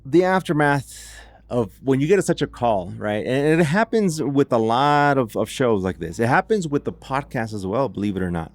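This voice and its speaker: With a sing-song mid-range voice at normal speed and no room sound, this podcast host narrates a case in a relaxed, chatty style. He trips into restarts and uses "like" constantly.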